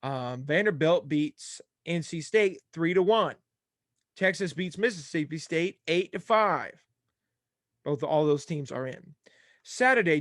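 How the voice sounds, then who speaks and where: Young guy hosting a sports podcast, kinda high voice, dry close sound, jokey and all over the place. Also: a bit bright, no echo. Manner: rattles off scores, jokey and scattered. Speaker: podcast host. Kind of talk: casual sports podcast chat.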